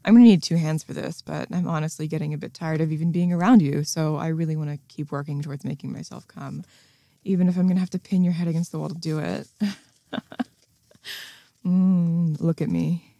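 A woman's voice: low voice, steady tone, brisk, creaky, warm tone, no room sound, studio quality. A woman performing an adult audio role-play in a mocking, commanding manner, breaking into scornful laughs.

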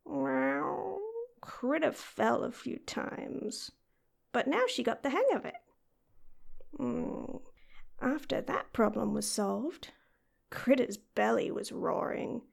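This is a playful female cat living in a young woman's body, speaking to the listener in an audio role-play, as a woman puts her on. She takes her time over every word and calls herself by name rather than "I". Her high voice is full of gravelly fry and breaks into frequent meows. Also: expressive, takes it slowly, heavily acted. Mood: curious. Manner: refers to herself in third person, meows often.

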